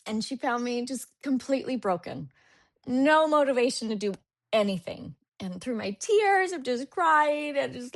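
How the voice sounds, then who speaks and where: A woman's voice: fairly high pitch, sing-song, moderate pace. A young woman in her twenties telling a personal story as a guest on a podcast interview, acting out her past thoughts as she goes.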